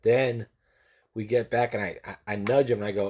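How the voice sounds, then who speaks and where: Lowish-voiced man telling a story. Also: steady tone, fairly quick, darkish tone, a little hiss or hum. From California. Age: 40s. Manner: casual, repeats phrases, acts out the people he quotes. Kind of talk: personal storytelling.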